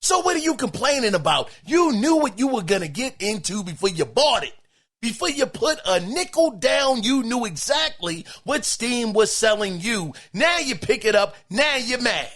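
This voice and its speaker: A middle-aged man hosting a podcast, reacting to listener emails in an emphatic, exclaiming, animated way. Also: very high-pitched, normal speed. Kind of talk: casual podcast commentary.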